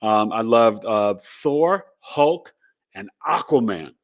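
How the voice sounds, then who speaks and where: A man's voice: on the low side, expressive, takes it slowly. A middle-aged man hosting an astrology livestream, chatting casually in a rambling, upbeat way with asides to his viewers. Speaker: astrology podcast host.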